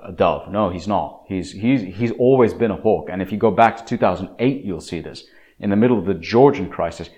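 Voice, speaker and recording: A man's voice: on the low side, darkish tone. A man giving opinionated monologue commentary, emphatic, with frequent restarts and fillers. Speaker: political commentator.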